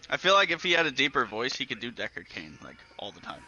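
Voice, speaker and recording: Man, relaxed let's-play co-host, bright tone, lively swings, quick to laugh. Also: mid-range voice, lo-fi sound, slight background noise. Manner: laughs often, swears freely, animated storytelling. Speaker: gaming channel co-host. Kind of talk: casual let's-play chat.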